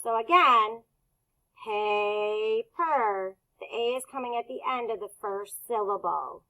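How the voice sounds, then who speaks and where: Woman, phonics teacher, bright clear tone, unhurried, patient sounding-out. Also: fairly high pitch, rough recording. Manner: slow, patient, sounding out words. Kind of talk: phonics lesson for children.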